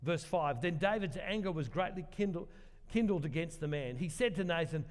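A man preaching a sermon, retelling a story in a relaxed, conversational way and reading scripture passages aloud. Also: sits high, brisk. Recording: long reverb of a large hall.

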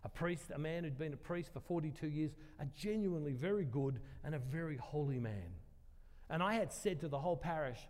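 A man's voice: a little high, animated, fairly quick, darkish tone. Earnest preacher, man, in a reverberant church. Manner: earnest, repeats phrases for emphasis. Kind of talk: sermon with personal storytelling. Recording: long hall reverb.

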